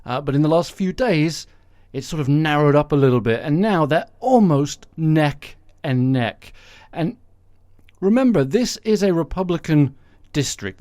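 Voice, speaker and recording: Brief: male podcast host, wry and jokey, a touch higher voice, dry unreverberant mic. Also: a little mellow, dry recording. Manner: sarcastic, joking asides. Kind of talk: casual solo podcast monologue.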